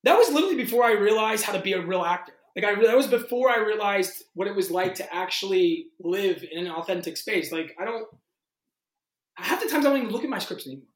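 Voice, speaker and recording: A male actor telling audition stories in a casual interview, animated and full of "like". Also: sits high. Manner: animated, fast-shifting, heavy use of "like". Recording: roomy echo.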